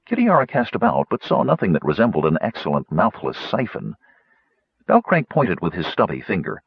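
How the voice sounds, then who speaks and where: Low, husky, expressive male audiobook narrator. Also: brisk, no room sound, muffled recording, faint music behind. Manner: expressive storytelling.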